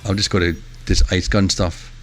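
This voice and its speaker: A man giving chatty live commentary while streaming a video game, breaking into excitable exclamations. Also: low-pitched, moderate pace, slight background noise.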